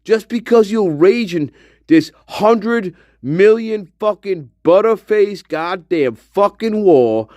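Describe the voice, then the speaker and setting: A man's voice: sits high, animated, takes it slowly, warm tone, no room sound, clean studio sound. A man playing an exasperated, foul-mouthed male spirit guide in the afterlife, ranting and stammering through an improvised comic monologue.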